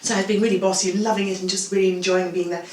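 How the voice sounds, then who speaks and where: A make-up artist in her sixties, appearing as a guest, chats casually in a mid-range, rapid-fire voice, spinning animated anecdotes packed with asides like "you know" and "okay?". She's recorded in a home bathroom, and the sound is roomy and distant with faint room noise.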